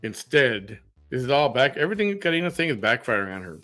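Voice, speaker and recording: A man's voice: mid-range voice, big pitch swings, fast talker, pushed and bright, soft background music. A man hosting a reaction commentary show, sarcastic and mocking.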